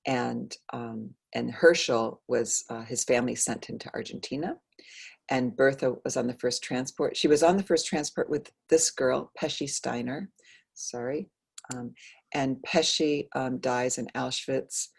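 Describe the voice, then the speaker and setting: A woman author speaks on a video call in a halting, conversational way, full of fillers and restarts. She is losing her voice, and it comes out gravelly and husky. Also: rumbling low. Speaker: author guest. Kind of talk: conversational book talk.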